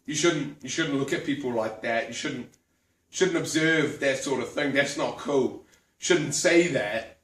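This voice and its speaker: A woman voicing her childhood friend, a young man who speaks low and mumbles a quiet, chiding disapproval. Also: unhurried, reverberant, recorded from a distance, natural voice. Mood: disapproving.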